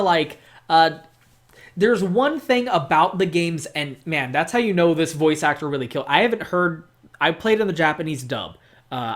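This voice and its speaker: A gaming video host rambles through an unscripted, casual monologue about a game in a mid-range voice, swearing freely, restarting sentences and saying "like" throughout.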